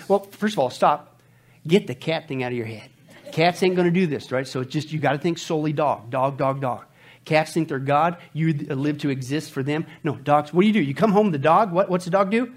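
A man's voice: on the high side, brisk. A man preaching a humorous sermon, joking with his audience and calling them folks.

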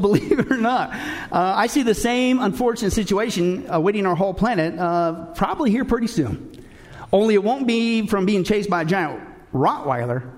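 A man preaching a sermon as pastor, telling folksy jokes and addressing the congregation as folks. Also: high voice.

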